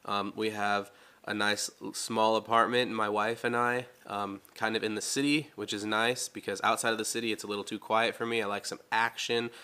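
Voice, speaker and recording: A young man from the United States, answering viewer questions in a relaxed, chatty vlog with frequent laughs. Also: on the low side, normal speed, clean tone. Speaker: vlogger. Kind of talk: casual Q&A vlog.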